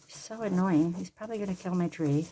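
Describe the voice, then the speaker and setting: A woman's voice: fairly low pitch, fast, warm tone. Chatty older woman crafting at home. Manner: chatty, rambling, jokes at her own expense. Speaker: crafting vlogger. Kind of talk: casual chat while sewing.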